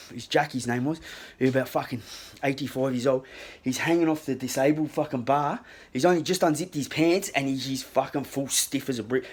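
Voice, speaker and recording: A man with an Australian accent telling a rambling, profanity-filled story into his phone in a casual, animated way. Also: medium pitch, slight background noise. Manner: swears constantly, rambling and animated. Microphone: handheld phone.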